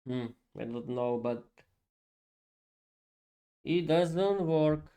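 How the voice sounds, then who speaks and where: Guy teaching english on a stream, kinda high voice, slow and stop-start, laughs a lot. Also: dark tone. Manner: halting, laughs often, restarts sentences. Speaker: English teacher and podcast host. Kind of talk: casual live-stream lesson.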